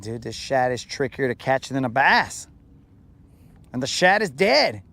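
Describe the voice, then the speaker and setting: A man's voice: mid-range voice, big pitch swings, measured pace, creaky, sharp tone. A man hosting a live fishing stream outdoors on a lake, playful and full of slang as he jokes with his chat. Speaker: fishing livestream host.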